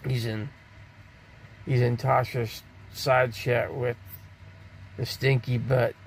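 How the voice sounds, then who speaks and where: A man's voice: medium pitch, little pitch movement, slow pace, creaky, long pauses, husky. An older man from Arizona hosting a live stream, rambling casually and answering viewers' chat comments aloud. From Scottsdale, Arizona.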